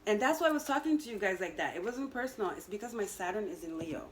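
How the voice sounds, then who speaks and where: A woman in a relaxed tarot reading video talks right at her audience, teasing and scolding them lightly. Her voice sits at a middle pitch, and she leans on easy fillers and quick laughs as she goes. It sounds like an informal reading, not a script. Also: slight background noise, rough recording. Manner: chatty, teasing, full of "you know" fillers, laughs at herself. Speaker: tarot and astrology reader. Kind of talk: casual direct-to-camera energy reading.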